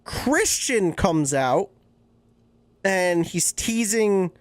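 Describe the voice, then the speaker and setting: A woman co-hosting a podcast, recapping events in an unhurried, casual way with some swearing. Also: mid-range voice, lively intonation, no room sound. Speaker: podcast co-host.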